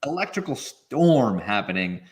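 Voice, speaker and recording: A man guest on a podcast interview, explaining in an animated way and acting out quoted feelings. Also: medium pitch, unhurried. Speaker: guest expert.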